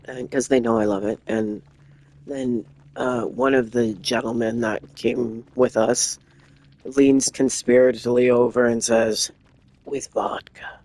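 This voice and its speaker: Rambling, animated storyteller. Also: medium pitch, measured pace, poor audio. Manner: rambling, animated anecdote with many restarts. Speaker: gaming streamer. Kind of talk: casual storytelling while gaming.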